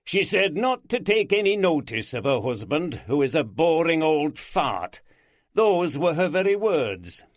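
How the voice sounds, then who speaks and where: A man's voice: fairly high pitch, sing-song, unhurried, dry recording, studio quality, pitched above the performer's own voice. A man voicing a jovial, teasing Yorkshire police superintendent with a hearty manner. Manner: hearty, chuckling.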